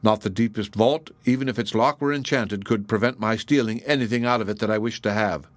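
A man's voice: on the low side, fairly quick, no echo, lightly acted. A man voicing a humble but clever young thief in a storybook reading, speaking earnestly and pleadingly.

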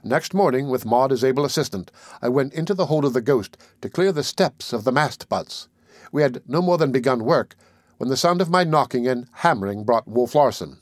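A man narrates a classic novel in a measured, steady way. His voice sits at a middling pitch. The recording is dry and close, with no room sound. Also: no room sound. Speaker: audiobook reader. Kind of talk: scripted audiobook narration.

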